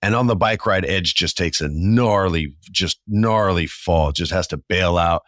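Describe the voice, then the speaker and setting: A man's voice: deep voice, measured pace, fairly bright tone, no echo, studio quality. A man in his forties hosting a solo podcast, telling stories in an enthusiastic, conversational way with slangy asides. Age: 40s. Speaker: podcast host. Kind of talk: casual solo podcast monologue.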